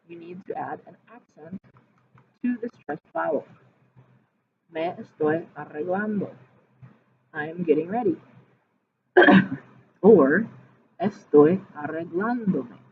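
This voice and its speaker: A woman's voice: on the low side, lively intonation, unhurried, pauses often. A woman Spanish teacher reading her lesson slides aloud, explaining grammar step by step and spelling words out letter by letter. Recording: tinny phone-like audio with faint hiss.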